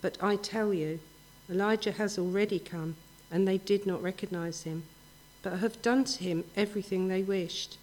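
A woman giving a measured, even reading of a Bible passage. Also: mid-range voice, low-quality recording. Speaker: scripture reader.

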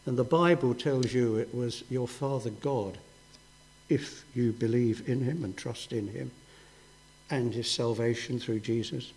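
A man's voice: mid-range voice, a little slow, a little mellow, poor audio. A man preaching a sermon, earnest, asking rhetorical questions and rising in emphasis.

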